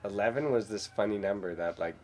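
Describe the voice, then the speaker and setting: Low-voiced man, upbeat. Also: brisk. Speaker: co-host of auction livestream. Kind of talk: casual livestream chat.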